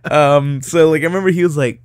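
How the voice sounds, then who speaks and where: A man's voice: a little high, a little fast, clean tone. A young man, chatting casually on a podcast, rambling through a story with lots of laughs and swearing. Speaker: podcast co-host. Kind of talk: casual chat.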